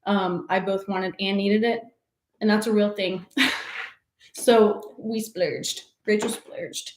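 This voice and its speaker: A woman's voice: mid-range voice, steady tone, takes it slowly, pauses often. A woman hosting a casual livestream show and tell, gushing and laughing often as she talks. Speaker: livestream host. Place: home office. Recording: echoey room with faint noise.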